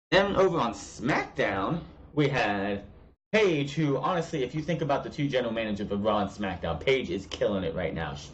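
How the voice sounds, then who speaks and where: A man's voice: medium pitch, muffled recording, a little hiss or hum. A man giving a blunt, profane, ranting opinion on wrestling shows in a casual vlog. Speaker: wrestling show commentator.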